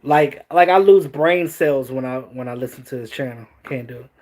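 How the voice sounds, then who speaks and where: A man hosting a casual sports talk stream, animated, joking and swearing as he reacts to chat. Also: medium pitch, normal speed. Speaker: host.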